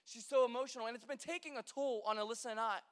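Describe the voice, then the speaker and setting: A man's voice: very high-pitched, steady tone, very fast, a bit bright, clean tone. A young man who is a pastor, giving a conversational sermon as a chatty, joking storyteller with lots of fillers, in a large church hall. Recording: long hall reverb.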